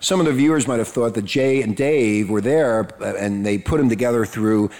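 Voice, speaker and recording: A man's voice: mid-range voice, normal speed, a little mellow. A man hosting an online talk radio show, chatting casually and rambling through news with lots of fillers.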